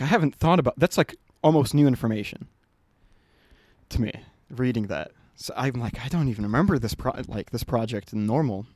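A man's voice: mid-range voice, darkish tone, no room sound. A man in his twenties on a podcast, telling a story in casual chat, swearing freely and laughing as he goes. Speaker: podcast co-host.

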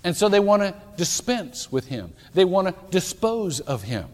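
A man preaching in an emphatic, animated way, throwing rhetorical questions at his congregation. His voice sits a little higher than most men's. A long reverb from the church sanctuary trails behind his words. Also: normal speed. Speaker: pastor. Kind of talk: sermon.

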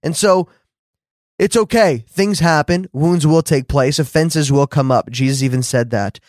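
Earnest guy teaching on a faith podcast, kinda high voice, dry close sound, acts out what he said back then. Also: measured pace, no room sound. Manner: earnest, conversational, acts out his own words with animated shifts. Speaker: podcast host and preacher.

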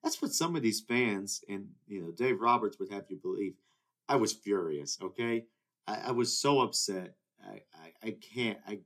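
Heated, rambling young man ranting solo. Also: fairly low pitch. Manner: rambling and heated, many restarts. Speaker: podcast host. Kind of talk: casual solo monologue.

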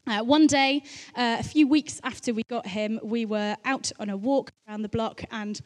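A woman's voice: on the high side, normal speed. A woman giving a sermon in a chatty, anecdotal way, with playful asides between her points. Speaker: preacher. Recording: long reverb of a large hall.

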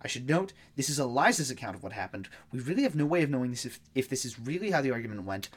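Fast, lively true-crime podcast host. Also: male voice, mid-range voice. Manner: reads case notes quickly with asides.

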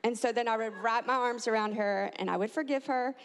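A mother telling a family story, animated and acting out the quotes with big jumps in pitch. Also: brisk, slight background noise. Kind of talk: personal storytelling. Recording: long hall reverb.

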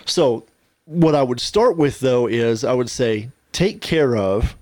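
A man's voice: medium pitch, animated, slow pace, a little mellow, no room sound. A man co-hosting a podcast in casual discussion, telling anecdotes, running through lists and agreeing readily. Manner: storytelling, lists things, agreeable "yeah, yeah".

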